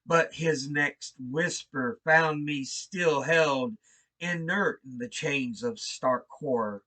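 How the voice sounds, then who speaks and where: A man reading a horror story aloud in a slow, brooding, theatrical style. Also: mid-range voice, pushed and bright. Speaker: reader. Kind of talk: dramatic horror story narration.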